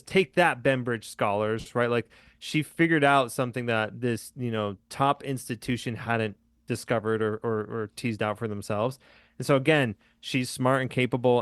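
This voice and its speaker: A man in a casual podcast chat about a film, eager and quick to laugh. His voice sits at a middle pitch and sounds dry and close, with no room around it. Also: a bit bright, no room sound. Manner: enthusiastic, laughs often, restarts. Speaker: podcast host. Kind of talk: casual movie discussion.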